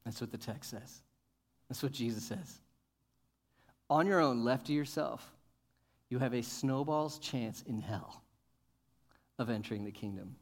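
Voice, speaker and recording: A male pastor preaching a sermon, asking questions and building to emphatic, loud points. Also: mid-range voice, measured pace, pauses often. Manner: rises to emphatic, loud peaks, asks the congregation questions.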